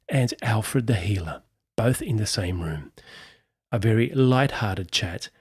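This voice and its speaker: A man's voice: on the low side, a little mellow, husky. A man hosting a podcast from a studio, cheerful and laughing often in a casual chat. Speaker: podcast host.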